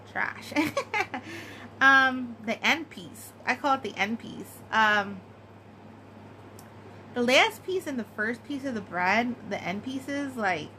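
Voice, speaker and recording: A woman's voice: on the high side, pushed and bright, slight background noise, low-quality recording. A woman chatting casually and giggling, with many fillers, as she answers a tag. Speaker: craft vlogger.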